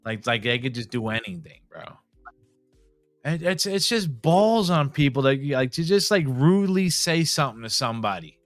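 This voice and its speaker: A man's voice: medium pitch, normal speed, no room sound, clean studio sound, faint music behind. A man hosting a podcast, telling stories in casual chat with lots of swearing and acting out the people he quotes. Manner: animated storytelling, heavy swearing, acts out quoted people. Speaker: podcast host.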